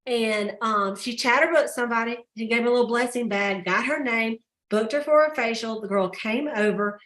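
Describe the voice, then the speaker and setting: A woman's voice: fairly high pitch, moderate pace, fairly bright tone. A woman hosting a sales team call, telling stories in a chatty way and laughing often. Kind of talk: casual pep talk.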